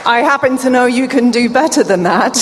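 A woman's voice: a little high, fairly quick, a loud crowd, heavy background noise. A middle-aged woman with a British accent and a slight deaf accent, giving a conference keynote speech and bantering playfully with the audience. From England. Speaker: keynote speaker. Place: large event hall. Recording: long hall reverb, faint room ambience.

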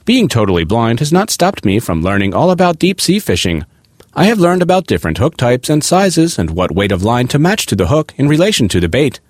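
A man reading a magazine article aloud with an expressive, lively delivery. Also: mid-range voice, brisk, dry recording, studio quality. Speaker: article reader.

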